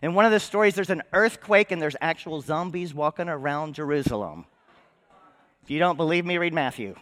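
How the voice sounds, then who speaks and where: Bright-voiced preacher with a lilt. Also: male voice, on the high side, animated, brisk. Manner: conversational preaching, asks the congregation questions. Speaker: pastor. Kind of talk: Easter sermon. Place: church sanctuary.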